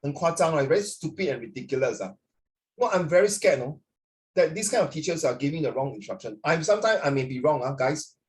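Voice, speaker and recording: A man teaching an online class as a tutor, talking in a rambling, animated way full of fillers, heard over a video call. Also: on the high side, fast talker.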